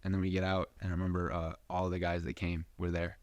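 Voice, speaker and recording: Low-voiced young man telling a story. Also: little pitch movement, quick pace, no room sound, lo-fi sound. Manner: profane, rambling, full of fillers. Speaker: podcast host. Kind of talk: casual storytelling.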